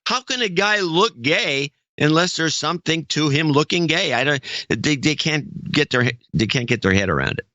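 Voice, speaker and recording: A man co-hosting a podcast in casual chat, rambling and halting as he talks. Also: on the high side, lively intonation, pushed and bright, dry recording. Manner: rambling, halting, with many restarts. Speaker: podcast co-host. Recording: dull, dry podcast audio.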